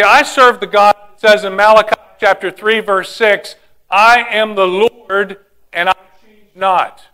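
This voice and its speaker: Man, preacher, high voice, bright tone, emphatic sermon, rhetorical questions. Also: clean tone. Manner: emphatic, rhetorical questions, slows for key lines.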